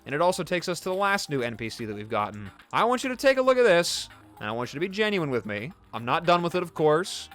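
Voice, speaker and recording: A man giving casual let's play commentary, joking at his own expense as he shows off his work. His voice sits slightly high for a man and is very animated, with big swings up and down. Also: fast, faint music behind. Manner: animated, self-deprecating and jokey.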